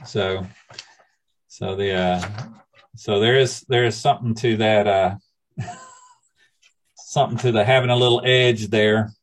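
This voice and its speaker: A man's voice: on the low side, steady tone, measured pace, long pauses. A man leading a study group, teaching informally with a rambling, hesitant manner and many restarts.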